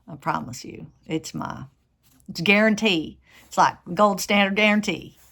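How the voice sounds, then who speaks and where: A woman's voice: medium pitch, normal speed, creaky, fairly bright tone. A woman voicing a folksy Southern man with a Southern US accent who gives humorous wisdom in a motivational monologue, repeating encouraging phrases. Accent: Southern US, Tennessee-like.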